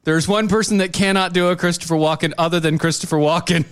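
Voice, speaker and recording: A man's voice: high voice, fairly even intonation, fast talker, fairly bright tone, clear, resonant tone. A man co-hosting a casual podcast, reading viewer comments aloud and bantering. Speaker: podcast co-host. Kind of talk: casual chat.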